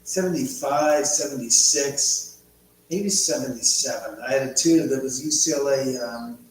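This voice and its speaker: A man's voice: mid-range voice, normal speed. Middle-aged man rambling in an echoey room. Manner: rambling storyteller, reads viewer comments aloud. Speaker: livestream host. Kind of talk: casual livestream chat. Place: large echoey room at home. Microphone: laptop mic from a distance. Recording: very echoey, distant, faint hum.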